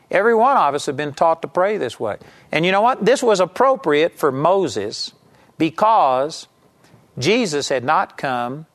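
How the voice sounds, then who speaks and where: A man's voice: a little high, expressive, normal speed. A man giving a televised Bible teaching, emphatic and rising sharply when he voices quoted pleas.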